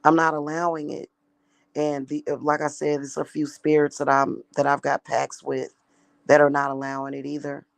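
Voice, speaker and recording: A woman's voice: deep voice, completely flat delivery, normal speed, creaky, no room sound. A woman talking casually in a vlog monologue, rambling and repeating herself with emphatic restarts. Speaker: spiritual practitioner.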